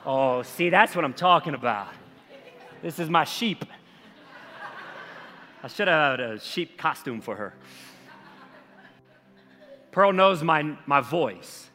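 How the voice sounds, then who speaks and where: Pastor, male, bright higher voice, emphatic conversational sermon, reverberant hall. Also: slow pace, pauses often, faint music behind. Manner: conversational preaching, animated and emphatic.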